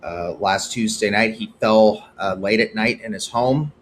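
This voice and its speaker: A man hosting his own podcast, giving opinionated solo commentary that swings from heated outbursts to hushed, sober stretches. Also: fairly low pitch, measured pace, a little hiss or hum. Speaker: podcast host.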